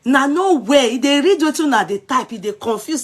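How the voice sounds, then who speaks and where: A woman's voice: sits high, brisk, few pauses. Scolding Nigerian woman commentator. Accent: Nigerian, Yoruba. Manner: scolding, animated, mixing Pidgin and Yoruba. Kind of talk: casual commentary vlog.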